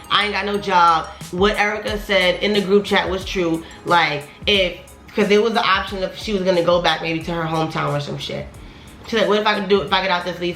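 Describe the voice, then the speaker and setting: A young woman rants through a storytime in a bright, forceful voice that keeps climbing higher as she gets heated. She swears freely and talks animatedly. The room is echoey, with faint music playing underneath. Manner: profane, animated, voice rising when heated. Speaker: vlogger telling a storytime.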